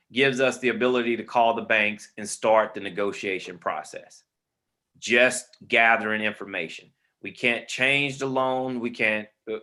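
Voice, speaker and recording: A man's voice: mid-range voice, a bit bright. A man teaching a real estate webinar on a video call, informal and friendly, calling listeners man and brother. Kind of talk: online webinar instruction.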